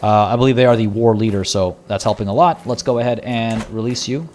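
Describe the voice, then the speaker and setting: A man's voice: on the low side, fairly quick, darkish tone, slight background noise. A man casually talking through a strategy game on a live stream, chatty and wry, with mock-villainous asides. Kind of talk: casual live gameplay commentary.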